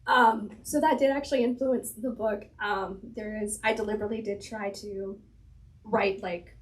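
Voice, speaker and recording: A woman's voice: medium pitch, fairly even intonation, normal speed, slight background noise, poor audio. A woman chatting as an author guest in an interview, thinking aloud, laughing often, her voice slightly strained. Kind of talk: casual conversational interview.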